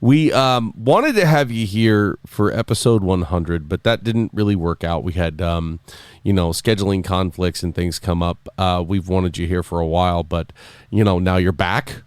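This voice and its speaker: A man's voice: deep voice, normal speed, smooth, dry recording. A man hosting a casual podcast, rambling and joking with many fillers. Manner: rambling, filler-heavy, jokey. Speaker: podcast host and sound engineer.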